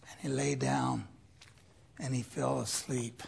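A preacher retelling a Bible story in an animated way, with playful asides, swinging between loud emphasis and quiet reflection. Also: medium pitch, slow, gravelly, slightly rough.

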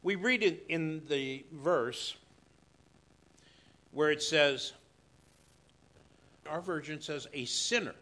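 A man preaching a sermon in a church, slow and emphatic, swinging between loud declarations and hushed asides. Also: on the high side. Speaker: pastor.

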